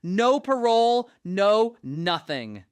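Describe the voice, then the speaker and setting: A woman's voice: medium pitch, big pitch swings, takes it slowly, clear, resonant tone, no room sound. A woman narrating a true crime story in a flippant, wisecracking scripted style.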